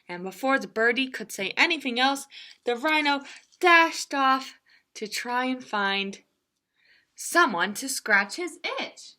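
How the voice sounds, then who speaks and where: Children's librarian, woman, slow and playful storyteller with a bright, higher voice and sound effects. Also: lively intonation. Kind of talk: children's story time reading.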